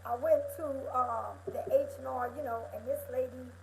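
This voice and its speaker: A woman's voice: sits high, steady tone, moderate pace, creaky, a little mellow, slight background noise, poor audio. A woman tarot reader giving a live motivational talk, speaking straight to her viewers in an emphatic, preachy way, repeating her points and calling them honey and girl.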